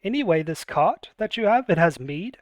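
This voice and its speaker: A man's voice: high-pitched, animated, moderate pace, no echo, studio quality, voice pushed up. A man voicing an evasive young woman. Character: young woman hiding her past, evasive.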